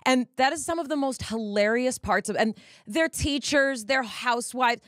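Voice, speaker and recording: A woman from Los Angeles hosting a casual interview, animated and curious, quick to laugh. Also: high voice, no room sound, clean studio sound. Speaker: podcast host.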